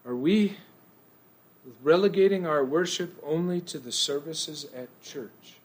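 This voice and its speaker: The pastor, a man preaching in church, keeps a measured pace. He alternates hushed, low phrases with loud, impassioned eruptions.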